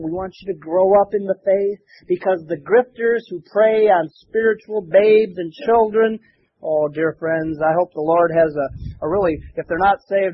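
A man's voice: sits high, husky, lo-fi sound. A man preaching a rambling, folksy sermon full of restarts. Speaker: pastor.

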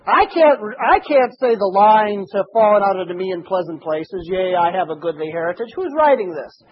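High-voiced preacher building to shouts. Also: male voice, lively intonation, moderate pace, highs cut off. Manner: preaching, swells to shouts on key phrases; folksy asides and restarts. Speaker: pastor. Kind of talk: sermon.

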